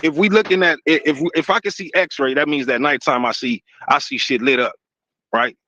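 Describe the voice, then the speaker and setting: A man's voice: on the high side, moderate pace, pushed and bright, dry recording, dull audio. A man in a heated casual debate, slangy and emphatic, calling others bro.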